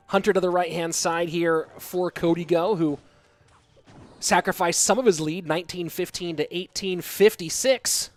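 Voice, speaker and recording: A man casting live esports play-by-play, chatty and reading out viewer messages between plays, getting excited at big plays. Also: high voice, normal speed, soft background music. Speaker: esports caster and stream host. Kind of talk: live play-by-play game commentary.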